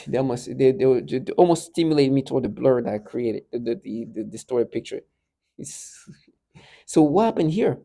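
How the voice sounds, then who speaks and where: A man's voice: medium pitch, lively intonation, moderate pace, gravelly, dark tone, no room sound. A man talking emotionally to camera in an agitated monologue, stammering and repeating words as he goes. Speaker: vlogger.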